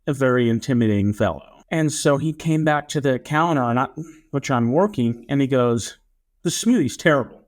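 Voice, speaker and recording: A young man co-hosting a podcast, telling a story in a casual, animated way and acting out what people said. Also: medium pitch, moderate pace. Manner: animated storyteller, acts out quotes. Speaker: podcast co-host.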